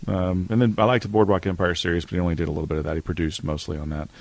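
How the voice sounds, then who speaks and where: Male podcast co-host, very low voice, casual and rambling. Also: level tone, very fast, no room sound. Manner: rambling, laughs often. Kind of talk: casual chat.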